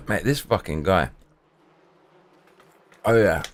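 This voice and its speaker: A man's voice: low-pitched, expressive, takes it slowly. A man streamer telling rambling, profane stories in casual chat, full of restarts and swearing.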